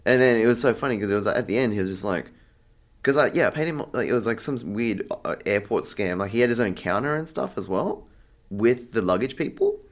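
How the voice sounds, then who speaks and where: A man's voice: fairly low pitch, lively intonation, brisk. A young man being interviewed, chatting casually and acting out the exchanges in his story, with lots of fillers. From Australia. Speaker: interview guest, artist.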